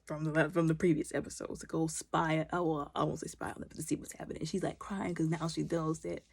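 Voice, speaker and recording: Recapping a TV episode on video, this host speaks quickly in a husky, somewhat low voice, animatedly sharing her opinions and answering back to the characters. The recording is close and dry, without any echo.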